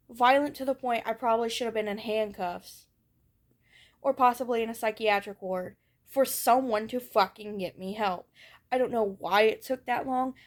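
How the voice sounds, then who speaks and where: A young woman giving a candid personal monologue as a vlogger. She talks in a raw, blunt way, swears and circles back over her thoughts. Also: on the high side. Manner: ranting.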